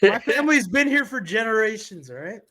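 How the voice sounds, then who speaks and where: A man's voice: sits high, expressive, a little fast, fairly bright tone. A man co-hosting a podcast in casual chat, firing off joking retorts. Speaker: podcast co-host.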